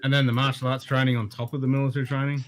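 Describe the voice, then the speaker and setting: A man's voice: mid-range voice, level tone, very fast, faint music behind. A man in casual chat, swearing freely and chiming in to agree. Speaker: podcast co-host. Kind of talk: casual pub-style chat.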